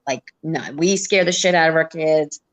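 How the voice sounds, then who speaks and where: A woman's voice: low voice, normal speed. An older woman with grandchildren, frankly telling family stories in a casual livestream chat, laughing often.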